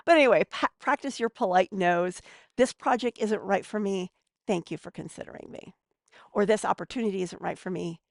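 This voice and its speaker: A woman's voice: medium pitch, moderate pace, creaky, no room sound, clean studio sound. A woman giving casual advice as a podcast guest, chatty and a bit snarky.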